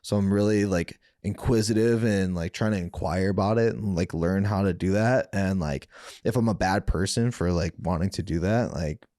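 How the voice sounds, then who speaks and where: A man's voice: sits low, moderate pace, dark tone, dry recording, studio quality. A man guest on a podcast telling stories from his youth in a rambling, profane way, full of fillers and restarts. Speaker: podcast guest, former fighter. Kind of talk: casual storytelling interview.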